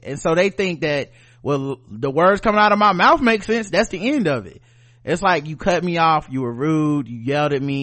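Blunt guy on a podcast, cussing a lot, kinda high voice, chatting loose. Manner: blunt and profane, animated. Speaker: podcast co-host. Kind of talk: casual chat.

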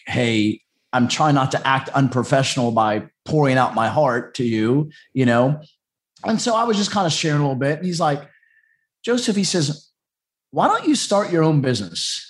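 A man, a dog trainer telling his story as a podcast guest, rambling and chatty with many restarts. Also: mid-range voice. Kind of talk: casual storytelling interview.

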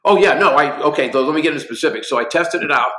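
A man in his sixties tells stories with gusto, playing out both sides of every exchange. His voice is bright and forward, and the sound rings in an echoey room. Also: on the high side, very fast. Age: 60s. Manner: lively anecdotes acting out both sides of conversations. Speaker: guest, company executive. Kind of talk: animated storytelling interview.

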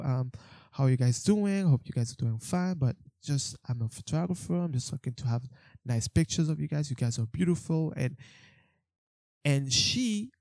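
Young man, casual storytelling, rambling, fillers and restarts, warm mellow tone, dry recording. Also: a little high, no room sound. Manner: swears when exasperated. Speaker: street photographer.

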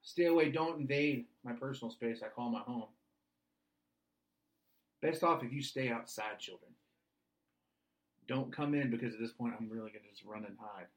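A middle-aged man, a single dad and podcast co-host, answering questions in deadpan comic chat that slips into song lyrics and sometimes swells to shouts. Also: medium pitch, normal speed, long pauses.

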